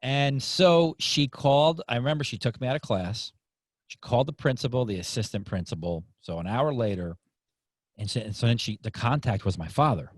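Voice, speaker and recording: A man hosting a podcast interview, telling a story in a casual, animated way and acting out the people in it. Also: mid-range voice, fairly quick, no echo. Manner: animated, acts out voices in anecdotes. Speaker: podcast host.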